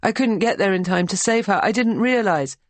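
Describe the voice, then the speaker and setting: A woman playing a shrewd young woman holding steady. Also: medium pitch, fairly quick, no room sound, voice pushed up, lightly acted. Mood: sorrowful. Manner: strained but controlled, turning to shouting.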